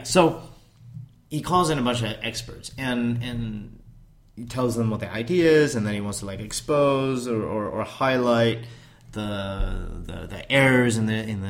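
A man's voice: on the low side, a little slow. A man in casual conversation, recounting a documentary in a rambling way and swearing casually.

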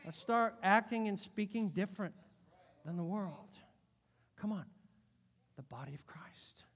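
A middle-aged male pastor delivers a sermon with a slightly high voice. He is animated, dropping to a near hush before rising to shouts. His voice rings with the long reverb of a large hall. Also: a little slow, breathy edge. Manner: animated preaching, swinging from hushed to shouting.

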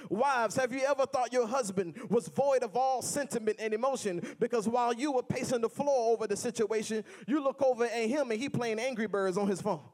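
A man's voice: very high voice, brisk, hardly any pauses, darkish tone. A man preaching a sermon in a rhythmic, repetitive style, mixing humor with building refrains.

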